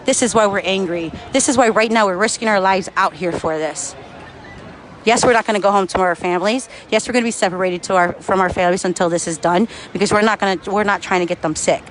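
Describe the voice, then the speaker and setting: A man's voice: sits high, fast talker, fairly bright tone. Angry New man on a street livestream, profane, light traffic noise. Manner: angry, profane, answers chat comments. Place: outdoors on a city street.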